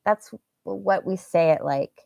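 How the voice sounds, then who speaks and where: A woman's voice: fairly low pitch, takes it slowly, gravelly, a little mellow, dry recording, dull audio. A woman with an American accent teaching a live English lesson, enunciating words carefully and slipping into Indonesian phrases. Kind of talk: live online language lesson.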